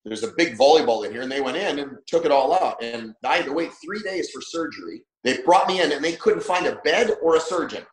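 A man's voice: on the high side, lively intonation, brisk, hardly any pauses. A man guesting on a podcast, telling a personal story bluntly and emphatically, swearing freely. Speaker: podcast guest, trainer and coach. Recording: roomy echo.

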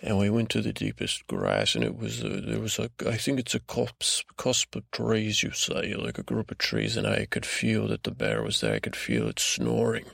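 A man with a deep, gravelly voice rambles through a bedtime story in a vaguely Scottish put-on lilt. His slow, drowsy delivery keeps stalling on repeated words and restarts, and the sound is close and dry. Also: big pitch swings, fairly bright tone, no room sound. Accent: put-on vague Scottish-ish lilt. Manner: meandering, halting, full of restarts and repeated words. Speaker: podcast host. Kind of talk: rambling improvised bedtime story told in first person.

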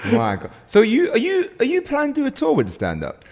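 A fast-talking man hosts the chat, his pitch bouncing around as he eagerly encourages his guest. He laughs easily and swears casually. A long reverb trails behind his voice. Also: wildly swooping pitch, darkish tone. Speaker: podcast host.

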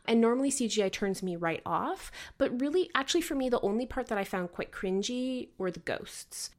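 A woman co-hosts a casual podcast. She gives blunt opinions with deadpan humor. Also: fairly high pitch, brisk. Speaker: podcast co-host. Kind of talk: casual chat.

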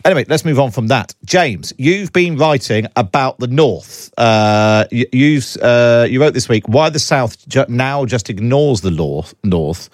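A male presenter in a radio studio, his medium-pitched voice dry and close. He talks in halting bursts full of fillers as he leads the show. The studio sound is tight and dead. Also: dry recording. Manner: hesitant, filler-heavy. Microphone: studio mic.

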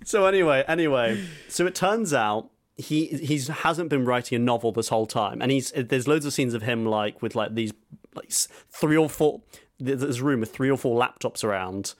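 A man's voice: mid-range voice, normal speed. A man hosting a podcast, retelling a film in casual chat, rambling and laughing as he goes. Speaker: podcast host.

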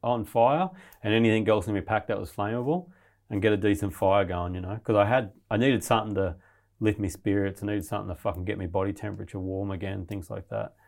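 A man's voice: on the low side, quick pace, gravelly. A man telling a survival story in casual, rambling, heavily profane talk. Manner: profane, rambling, animated retelling.

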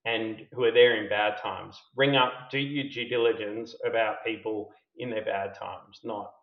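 A man's voice: fairly low pitch, fairly even intonation, a little slow. A middle-aged man tells a self-deprecating personal story as a podcast guest, candid and laughing at himself. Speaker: company founder and CEO, podcast guest. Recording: roomy, slightly dull podcast audio.

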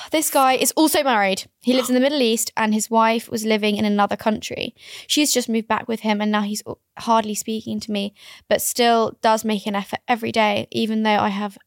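A woman with a slightly high voice chats through a casual podcast and reads listener letters aloud, stopping to react. The sound is close and dry, with no room around it. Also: steady tone, a little fast, no room sound. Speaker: podcast co-host.

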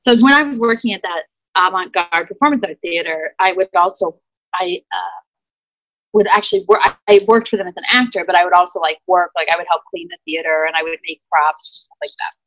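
A woman's voice: fairly low pitch, fairly quick, fairly bright tone, no room sound, low-quality recording. A woman, an improv actor, telling a wild personal story in a chatty way, full of "like" and acted-out quotes. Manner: chatty, lots of "like", acts out quotes. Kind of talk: animated personal anecdote.

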